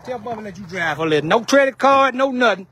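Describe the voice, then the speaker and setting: A man's voice: sits high, lively intonation, fast talker, fairly bright tone, a little hiss or hum. A man talking casually in a vlog outdoors. He calls out short directions and then hawks things for sale in a joking patter. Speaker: vlog host.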